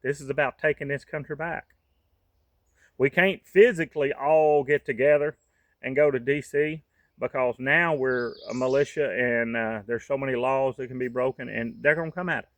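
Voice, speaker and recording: A man's voice: mid-range voice, moderate pace, no room sound. A man, from the United States, giving a fervent, folksy monologue to camera as a vlogger.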